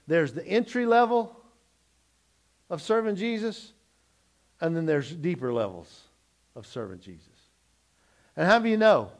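Preaching from the pulpit, this middle-aged man swings from forceful, booming statements to soft, hushed remarks, frequently restarting and repeating himself along the way.

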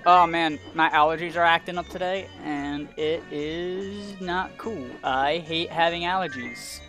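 A man's voice: a little high, a little slow, bright, forceful tone, soft background music. A young man giving rambling gameplay commentary, easily exasperated and ranting at the game. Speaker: let's play commentator.

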